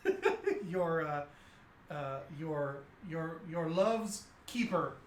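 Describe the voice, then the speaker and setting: A man runs a tabletop game as dungeon master. He narrates haltingly with many fillers. The room is echoey, with a faint hiss underneath. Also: a little high, expressive.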